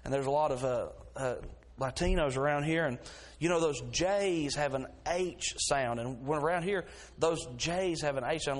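A man's voice: fairly high pitch, moderate pace. Folksy man preaching a sermon. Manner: folksy storytelling, swells to fervent preaching. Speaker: pastor.

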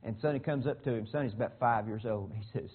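Folksy preacher on a tinny line. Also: male voice, mid-range voice, quick pace, breathy edge. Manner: fervent, folksy, repeats words. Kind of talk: storytelling sermon. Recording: tinny phone-like sound.

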